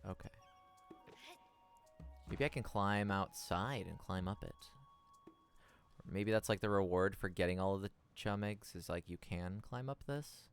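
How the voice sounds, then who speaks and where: A man's voice: sits low, unhurried, pauses often, smooth, faint music behind. A man streaming a video game, commenting casually and reading game text aloud in a playful, goofy way.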